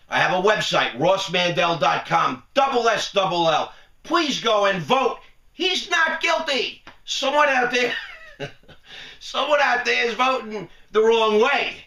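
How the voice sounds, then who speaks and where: A man's voice: high voice, creaky, bright, forceful tone, echoey room, recorded from a distance. A man giving a sarcastic, rambling talking-head rant, laughing often between points. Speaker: vlogger.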